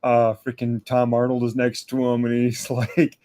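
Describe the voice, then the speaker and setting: A man's voice: mid-range voice, completely flat delivery, normal speed, warm tone, no room sound. A man from Minnesota, chatting casually in a recorded voice message and ending sentences with "eh". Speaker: listener sending a voice message.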